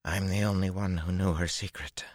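A man voicing a weak, wounded woman who drawls slowly and haltingly in an audiobook. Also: low voice, no room sound, studio quality. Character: weak wounded woman, sharp-tongued sailor.

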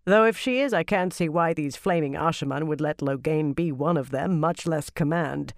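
Narrator voicing a harsh woman leader, blunt, forceful, cursing, audiobook character, middle pitch. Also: moderate pace, creaky, no echo, studio quality, natural voice. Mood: brusque. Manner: blunt and forceful, swearing often. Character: harsh, foul-mouthed woman leader of a sisterhood.

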